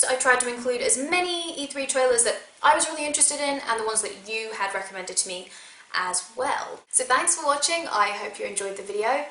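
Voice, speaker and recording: A chatty woman vlogger with a slightly high voice, talking to camera in a casual, self-mocking way. Her voice rings in an echoey room. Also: sharp tone. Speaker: gaming vlogger. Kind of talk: casual video commentary.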